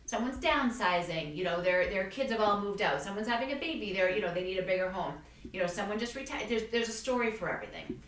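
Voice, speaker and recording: A woman's voice: mid-range voice, expressive, fast talker, a bit bright. A woman real estate agent hosting a podcast in casual chat, telling stories and acting out what people said. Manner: chatty storyteller, acts out quotes. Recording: echoey room, mic at a distance.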